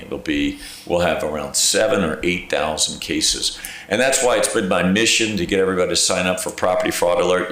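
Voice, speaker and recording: A man's voice: deep voice, a little hiss or hum. A man, a county clerk of court, giving a presentation to a village council, telling stories and acting out phone calls in a conversational, emphatic way. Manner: animated storyteller, acts out phone calls and quotes; conversational, repeats "okay?" for emphasis. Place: council chamber. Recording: very echoey council chamber.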